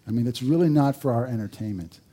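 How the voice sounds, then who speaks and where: Male preacher, warm mellow tone, chatty sermon delivery with asides and wry jokes. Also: medium pitch, fast. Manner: conversational, rhetorical questions, dry humor. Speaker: pastor.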